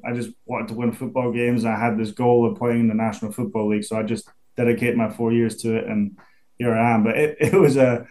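A man's voice: mid-range voice, steady tone, a little fast, darkish tone. A young man with a Scottish accent, a football punter in a casual interview, easygoing and often repeating words as he thinks. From Scotland.

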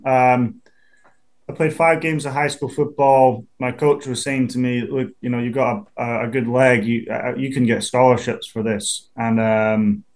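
Easygoing Scottish man in his twenties. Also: medium pitch. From Scotland. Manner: easygoing, restarts a lot, chuckles. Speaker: professional football punter, guest. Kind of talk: casual interview.

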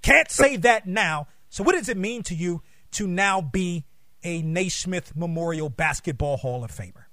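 High-voiced male interview host. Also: lively intonation, unhurried, bright, forceful tone, dry recording, studio quality. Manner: rambling, enthusiastic questioning. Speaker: show host. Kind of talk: interview questions.

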